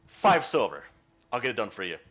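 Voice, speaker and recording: A man's voice: fairly low pitch, sing-song, fairly quick, a bit bright, muffled recording, pitched below the performer's own voice. A man voicing a rude male village blacksmith who talks bluntly and curtly, grumbling at customers. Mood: gruff.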